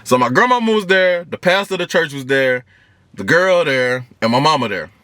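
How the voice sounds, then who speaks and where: A man telling an animated, slangy story from his car, acting out every voice he quotes. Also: fairly high pitch, moderate pace, dry recording. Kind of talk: casual storytime. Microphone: camera in the car.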